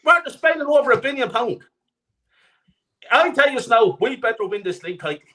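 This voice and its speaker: Very high-pitched, pushed and bright, this man's voice is extremely animated and a little fast. Calling in to a live talk show, the forty-plus caller launches into a profane, repetitive, furious rant.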